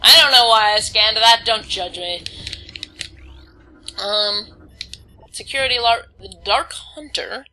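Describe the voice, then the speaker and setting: A woman's voice: a little high, slow, pauses often, bright, forceful tone, faint music behind, rough recording. A woman casually commenting on her gameplay, reading on-screen text aloud and stumbling over words now and then. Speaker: let's play host.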